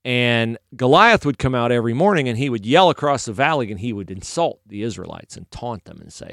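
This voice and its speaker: A man gives a casual faith talk in a conversational style, animated when he tells a story. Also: mid-range voice, fairly quick, gravelly, hardly any pauses, no room sound, clean studio sound. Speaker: Christian commentator.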